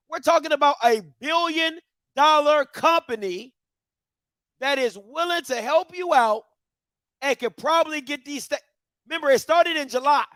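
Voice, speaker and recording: A man's voice: extremely high pitch, fairly bright tone, no echo, studio quality. A man hosting a heated commentary rant, firing repeated rhetorical questions at viewers in a preacher-like call-and-response cadence. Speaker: commentary show host.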